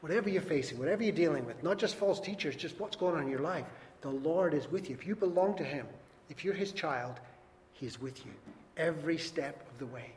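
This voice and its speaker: A man preaching a sermon in a church hall, earnest and emphatic, rising loud and dropping soft. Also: on the high side, brisk. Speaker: pastor. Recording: long reverb, faint background noise.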